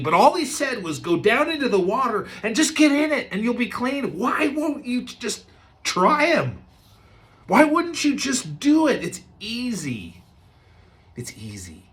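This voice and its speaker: A man voicing a male servant who pleads with his master in a high, insistent voice. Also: fairly bright tone.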